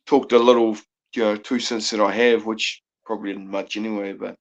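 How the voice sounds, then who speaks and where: Low-pitched and brisk with a level tone, this man speaks in a New Zealand accent as a guest caller on a live panel. His casual chat rambles, packed with swearing and laughter, and the recording sounds dull and lo-fi.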